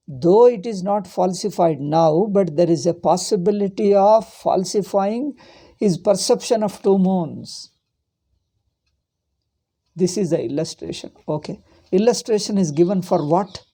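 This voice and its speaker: A man's voice: high-pitched, dark tone. A man with an Indian accent giving a Vedanta lecture as a swami, emphatic and repeating his points with rhetorical questions. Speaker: swami teacher.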